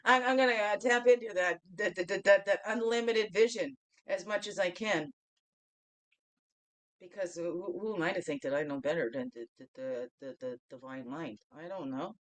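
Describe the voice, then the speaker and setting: On a daily reflection show, a woman with a fairly low pitch talks at a moderate pace through her spiritual card reading. "Okay?" comes up again and again, she laughs often, and she alternates loud bursts with soft asides.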